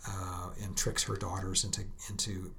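A man hosting a podcast, discussing a text and reciting verse slowly, stressing the meter. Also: low-pitched, flat delivery, sharp tone. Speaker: podcast host.

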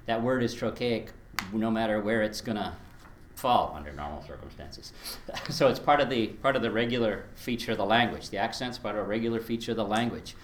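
Low-voiced male teacher in an echoey room. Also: brisk, few pauses, a little hiss or hum. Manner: chatty, explains with spoken examples, chuckles often. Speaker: Latin teacher. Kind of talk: workshop presentation.

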